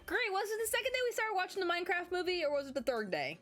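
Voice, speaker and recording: A woman's voice: very high-pitched, big pitch swings, racing, fairly bright tone, faint music behind. A young woman streamer chatting casually, rambling and giggly with lots of fillers, sleepy and yawning. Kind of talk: casual chat.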